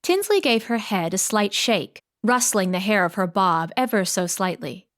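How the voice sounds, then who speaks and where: A woman narrating an audiobook in a steady storytelling manner. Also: medium pitch, normal speed, few pauses. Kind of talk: scripted narration.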